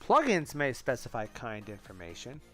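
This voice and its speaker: A man's voice: medium pitch, huge pitch swings, normal speed, a bit bright, soft background music. A man hosting a casual live coding stream, thinking aloud and chatting with viewers in a rambling way, with restarts and asides.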